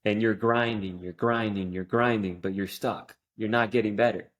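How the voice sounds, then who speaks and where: A man's voice: on the low side, steady tone, normal speed. A man hosting a golf podcast, talking in a motivational way and repeating phrases for emphasis. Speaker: podcast host. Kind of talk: casual podcast interview.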